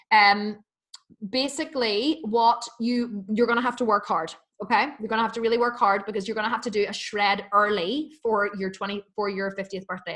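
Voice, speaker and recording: A woman hosting a live fitness Q&A, reading out viewers' comments and answering them in a fast, chatty, enthusiastic way with many restarts. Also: fairly high pitch, fairly bright tone.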